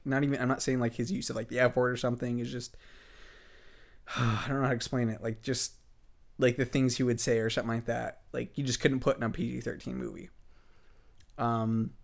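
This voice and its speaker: A man's voice: mid-range voice, vocal fry. A man hosting a casual podcast, talking enthusiastically with lots of fillers and restarts. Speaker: podcast host.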